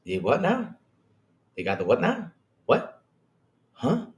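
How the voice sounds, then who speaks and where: Excitable guy doing a gaming stream, high voice, kinda echoey room. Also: slow pace. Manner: animated, reads chat aloud, slangy asides. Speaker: podcast host. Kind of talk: casual livestream chat, reading news.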